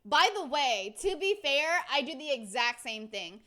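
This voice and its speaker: High bright woman streamer reacting. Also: big pitch swings, normal speed.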